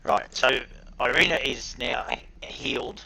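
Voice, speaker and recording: A man running an online tabletop game as game master, talking haltingly with many fillers. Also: mid-range voice, creaky, pushed and bright, rough recording.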